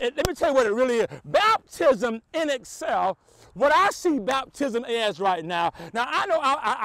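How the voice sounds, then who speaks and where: High-pitched, animated preaching man. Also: no room sound. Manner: rhythmic preaching with repeated phrases and call-outs to the congregation. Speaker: pastor. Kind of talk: sermon. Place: church streamed online.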